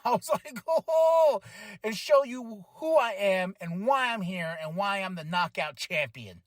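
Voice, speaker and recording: A man hosting a podcast, recapping a wrestling show in casual chat, excitable, laughing and acting out what people said. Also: high-pitched, unhurried, dry recording. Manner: excitable, acts out quotes, swears, laughs often. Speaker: podcast host.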